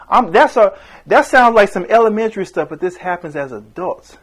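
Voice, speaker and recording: A man's voice: sits high, lively intonation, fairly quick. A man preaching a sermon with passion, voice rising and falling for emphasis and briefly acting out the people he quotes.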